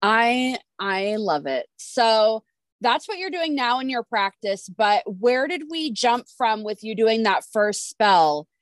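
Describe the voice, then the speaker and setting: Lively, expressive woman podcast host. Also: fairly high pitch, slow, dry recording, studio quality. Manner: reacts with blunt, swearing interjections and questions. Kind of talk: casual chat.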